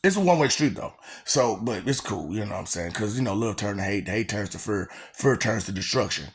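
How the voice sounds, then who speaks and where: A man's voice: lowish voice, animated, brisk, a little hiss or hum. A man giving a rambling, mocking rant to his audience, laughing often between lines and repeating phrases. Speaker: vlogger.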